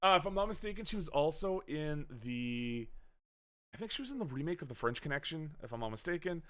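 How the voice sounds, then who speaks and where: A man's voice: on the high side, very animated, a little fast, a bit bright. A man co-hosting a casual movie review chat, rambling with lots of fillers, self-corrections and swearing. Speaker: podcast co-host.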